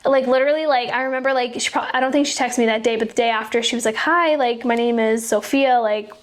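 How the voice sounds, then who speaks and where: A woman's voice: a little high, little pitch movement, racing. A young woman in her twenties hosting a podcast, telling a personal faith story in an earnest, chatty way full of 'like'. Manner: chatty, filler-heavy, frequent 'like'; earnest and heartfelt. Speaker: podcast host. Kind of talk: casual faith-based storytelling.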